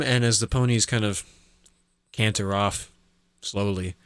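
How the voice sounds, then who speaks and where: A man's voice: lowish voice, steady tone, a little slow, fairly bright tone, clear, resonant tone, no room sound, studio quality. A man narrating as game master, rambling with restarts and acting out sound effects.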